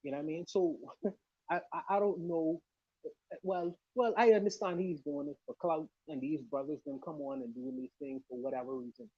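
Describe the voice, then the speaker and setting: A man speaking as a panelist on a livestream podcast, impassioned and emphatic, often laughing, his voice coming through low and muffled. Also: fairly even intonation, moderate pace, husky, no echo. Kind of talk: casual livestream discussion. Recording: muffled, low-volume remote mic.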